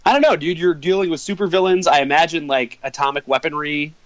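A man's voice: fairly high pitch, dry recording, lo-fi sound. A man from Michigan, a teacher, co-hosting a podcast in playful casual chat with lots of laughter. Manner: playful, laughs a lot, quick asides.

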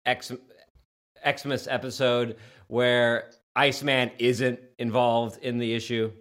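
A man's voice: mid-range voice, flat delivery, slow pace, a bit bright. A man co-hosting a podcast in casual chat, teasing and joking.

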